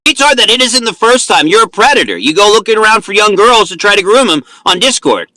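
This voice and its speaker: A man in a heated voice-chat argument, his voice high, very bright and swinging widely in pitch. He is loud, accusing and profane, and keeps cutting in over the others. The sound is close and dry. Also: very animated, brisk, no room sound.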